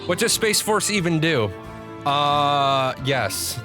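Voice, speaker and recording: A man's voice: fairly high pitch, lively intonation, takes it slowly, over music. A man streaming live, ranting with lots of swearing and frequent restarts as he talks to his chat. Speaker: gaming streamer. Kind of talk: profane live-stream rant.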